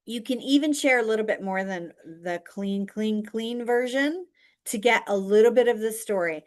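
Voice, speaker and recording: A woman's voice: fairly high pitch, moderate pace. A woman coaching viewers directly in a chatty, emphatic way, teaching how to stand out online.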